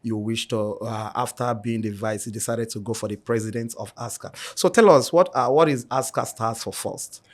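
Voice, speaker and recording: A man's voice: medium pitch, fairly even intonation, normal speed, few pauses. A male podcast host with a mid-range voice asks questions in a hesitant, filler-heavy way, offering encouraging responses. He talks in a studio with his guest. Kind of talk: interviewing.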